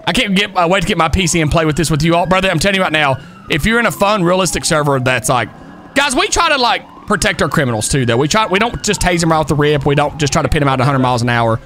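A man live-streaming a police role-play game, excitable and loud, laughing often and calling everyone brother. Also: on the high side, very fast, slight background noise. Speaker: streamer playing a police officer.

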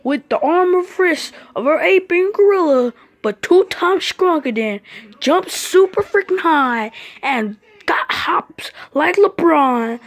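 A woman doing a loud hype fight announcer. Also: very high voice, expressive, slow, voice pushed up, exaggerated voice. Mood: hyped. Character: boastful male fight announcer hyping a champion. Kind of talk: homemade comedy skit.

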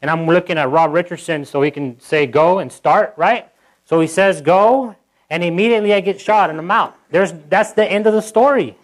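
A pastor speaks to his congregation in a somewhat high voice. He talks casually, restarts his sentences, and acts out the lines he quotes. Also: normal speed, rough recording. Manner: conversational, with frequent restarts and asides to the congregation; animated, acting out quotes in a livelier voice. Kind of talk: sermon. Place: church.

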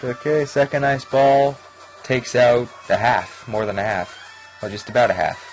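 A man hosting a let's play, giving rambling gameplay commentary with excitable reactions. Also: mid-range voice, measured pace, rough recording. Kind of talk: gaming commentary. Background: game music.

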